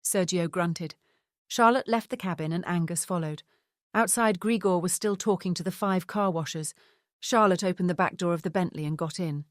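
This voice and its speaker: A woman narrating an audiobook in a steady, even scripted reading. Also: fairly low pitch, moderate pace, no room sound, studio quality.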